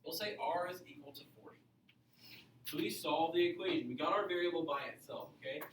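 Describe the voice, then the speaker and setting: A man's voice: a little high, fairly quick. Enthusiastic male math teacher in an echoey classroom. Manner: energetic, questioning the class, repeats points. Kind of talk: classroom lecture. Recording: echoey classroom from far off, faint noise.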